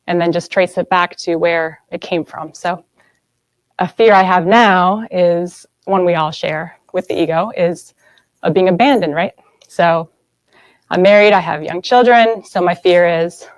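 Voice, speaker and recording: A woman with a fairly low voice gives a spiritual talk to a group, earnest and conversational, often turning to her listeners for agreement. She sounds like she is in her thirties. The sound is dry and close, with no room around it. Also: no echo, poor audio. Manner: earnest, asks the audience "right?" often. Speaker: guest speaker.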